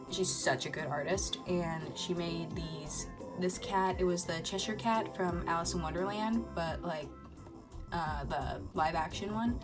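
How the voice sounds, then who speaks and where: A woman chatting casually about her unfinished toy videos, rambling with lots of ums and uhs. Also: fairly low pitch. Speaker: toy-figure video maker. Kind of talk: casual chat.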